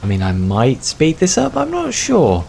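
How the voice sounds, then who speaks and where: A man's voice: on the high side, wildly swooping pitch, normal speed, vocal fry, darkish tone, a little hiss or hum. A man playing a video game, reading its text aloud expressively and chatting in a self-deprecating way. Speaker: video game let's player.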